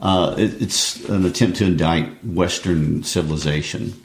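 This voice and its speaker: A man co-hosting a literature podcast, asking measured, prompting questions. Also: sits low. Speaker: podcast co-host. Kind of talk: casual literature discussion. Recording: echoey room.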